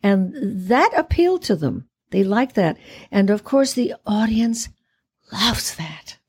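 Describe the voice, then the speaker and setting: A woman's voice: medium pitch, very animated, slow pace, breathy edge. A woman in her eighties, a guest actress chatting in an interview in a theatrical way, often laughing. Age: 80s. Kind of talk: casual interview chat.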